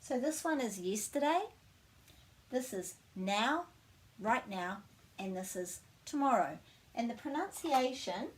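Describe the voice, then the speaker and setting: A woman with a New Zealand accent teaches words in a relaxed, friendly way. She slows right down to model each sound clearly so learners can copy her. Her voice sits at an ordinary middle pitch. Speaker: language teacher. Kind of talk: casual language lesson.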